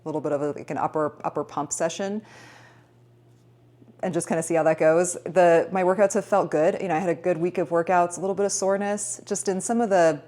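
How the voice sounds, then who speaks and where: A woman's voice: fairly low pitch, steady tone, quick pace, mellow. A woman in her thirties chatting casually in a fitness vlog, rambling and upbeat. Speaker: fitness vlogger.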